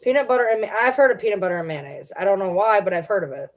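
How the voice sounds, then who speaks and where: A woman's voice: medium pitch, racing. A woman chatting casually with her viewers, rambling and teasing as she talks to her pets in between. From Michigan. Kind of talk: casual chat.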